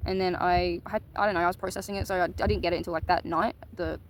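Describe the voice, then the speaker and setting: A woman's voice: fairly low pitch, fairly even intonation, fast, a little hiss or hum, low-quality recording. Candid woman telling a story. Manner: candid, swears casually. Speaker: vlogger. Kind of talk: casual storytime monologue.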